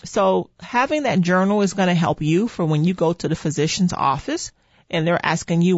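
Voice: mid-range voice, moderate pace, no echo. An earnest, encouraging speaker giving a motivational talk on coping with chronic pain in a lo-fi recording. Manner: earnest, encouraging, repeats "okay" and "see". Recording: dull lo-fi dry sound.

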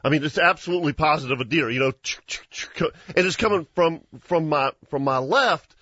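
A husky, slightly high-pitched man spins a lively hunting tale for his show. He laughs often and restarts his sentences. The sound is dry and a bit dull, like a lo-fi studio recording. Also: a little fast, no room sound. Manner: animated storyteller, laughs often, many restarts. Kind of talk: casual storytelling chat.

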